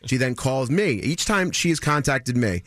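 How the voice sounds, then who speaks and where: A man in his thirties telling a story on a morning radio show, animated and mimicking other people in a higher voice. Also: moderate pace, dry recording, clean studio sound. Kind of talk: casual chat, telling a story.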